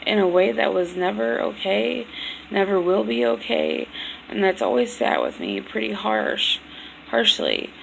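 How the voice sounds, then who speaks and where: A woman's voice: medium pitch, gravelly, slight background noise, rough recording. A young woman telling a personal story in a vlog, blunt and profane, venting with emotion. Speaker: vlogger.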